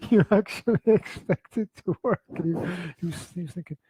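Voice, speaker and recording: Dark husky-voiced joking man. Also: sits high, brisk, no room sound, low-quality recording. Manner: joking, teasing, laughs often. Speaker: podcast host. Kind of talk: casual chat. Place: home flat.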